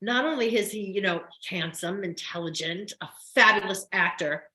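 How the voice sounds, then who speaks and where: An older woman from New Jersey with a New York–New Jersey accent, an actress telling stories in a casual interview, quick and chatty. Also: medium pitch, pushed and bright, roomy sound, low-quality recording. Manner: fast, chatty storyteller. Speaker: guest, soap opera actress.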